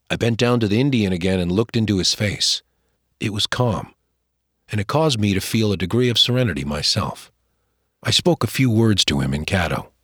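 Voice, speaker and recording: A man reads a first-person story aloud with a husky, fairly low voice, his pitch rising and falling freely. The sound is dry and close, with no room around him. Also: moderate pace, no room sound. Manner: expressive, shifting voices for characters. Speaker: audiobook narrator.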